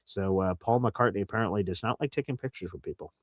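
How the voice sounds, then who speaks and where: A man's voice: on the low side, fast, no room sound. A man hosting a casual sports chat show, rambling and telling stories with lots of fillers. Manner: rambling, animated storytelling with fillers. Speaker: host.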